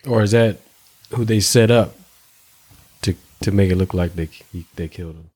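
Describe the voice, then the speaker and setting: A man's voice: low voice, normal speed, darkish tone, slightly rough. A man co-hosting a podcast, offering brief, matter-of-fact remarks in casual chat.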